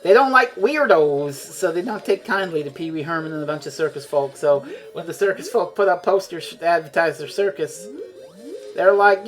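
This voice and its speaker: An animated woman streaming a video game, her pitch leaping up and down as she rambles and swears freely. Faint music plays beneath her voice. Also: normal speed. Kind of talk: casual chat while playing a video game.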